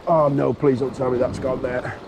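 Creaky man fishing on a windy beach. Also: mid-range voice, flat delivery, moderate pace. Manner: exclaiming, talks to himself and the fish. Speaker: fishing vlogger. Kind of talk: excited running commentary while shore fishing. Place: outdoors on a beach by the sea. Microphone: action camera. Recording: wind and surf noise outdoors.

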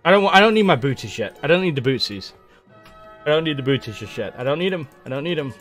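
A young man giving playful, excitable live commentary on his own video game match, trash-talking and hyping himself up. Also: a little high, quick pace, faint music behind. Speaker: gaming streamer.

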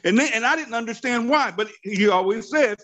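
Man, fifties, high voice, very lively intonation, fervent preachy team-leader pep talk, repeats phrases. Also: a little fast. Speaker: network marketing team leader. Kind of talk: motivational training call talk.

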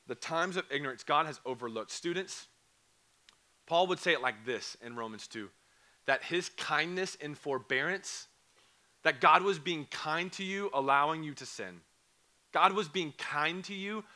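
A young man with a hoarse, fading voice preaching an earnest youth camp sermon, repeating phrases and asking students questions. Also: medium pitch, bright, forceful tone. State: hoarse, voice going. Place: church or camp hall.

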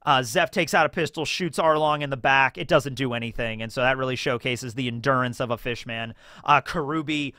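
A man's voice: mid-range voice, fairly quick, sharp tone, dry recording. A man hosting a casual, rambling episode breakdown, talking in a chatty manner full of asides. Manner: chatty, rambling, full of 'like' and quoted bits. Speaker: YouTube host.

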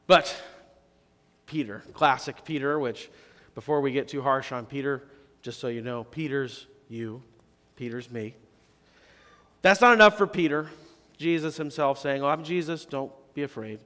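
A male pastor preaching a sermon in a conversational way, rising to emphatic questions and dropping to soft, low phrases. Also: measured pace, pauses often. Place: church sanctuary. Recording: long reverb of a church sanctuary.

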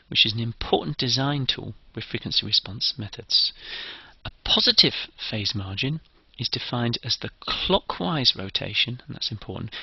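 A man's voice: medium pitch, vocal fry, husky, dry recording, highs cut off. A man giving a methodical, step-by-step engineering lecture.

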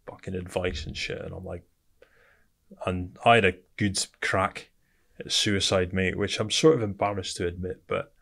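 Gravelly man, blunt and sweary. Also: sits low, a bit bright. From Britain. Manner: blunt and sweary, calls the host mate. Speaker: podcast guest. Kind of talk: candid interview storytelling.

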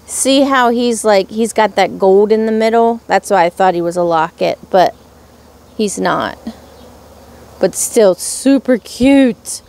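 A young woman in a casual haul vlog, showing off little charms and gushing over each one with drawn-out exclamations. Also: fairly high pitch. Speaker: crafts vlogger.

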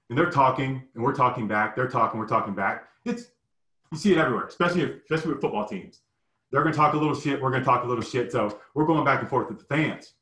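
A man's voice: mid-range voice, fairly bright tone. A middle-aged man telling a personal story with emotion and profanity, his voice jumping up sharply when he quotes himself. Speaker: storyteller recounting personal experiences. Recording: echoey room.

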